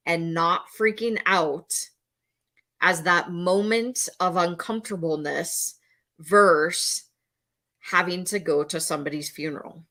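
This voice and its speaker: A middle-aged woman gives a talk to the camera as a mental health educator. Her voice is bright and somewhat low-pitched. She speaks earnestly, leans on repetition, and now and then slips into a panicky voice to make a point. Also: steady tone, measured pace. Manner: earnest, repeats key phrases, acts out panicked voices.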